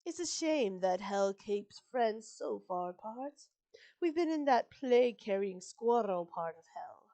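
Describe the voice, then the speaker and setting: A woman's voice: a little high, expressive, unhurried, mellow. A bitter, sardonic witch newly back from the underworld, read aloud by a woman complains with wry dryness. She sounds like a storybook character with a grudge.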